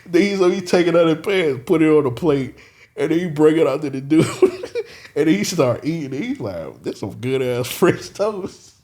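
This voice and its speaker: A man's voice: fairly high pitch, lively intonation, fairly quick, darkish tone. A man on a casual podcast, telling a long story, swearing freely and laughing as he goes. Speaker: podcast co-host. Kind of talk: casual chat.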